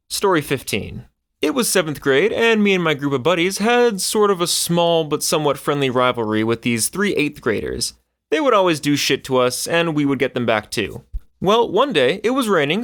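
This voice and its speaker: A man narrating online stories aloud as a scripted reading. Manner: animated storytelling with swinging pitch.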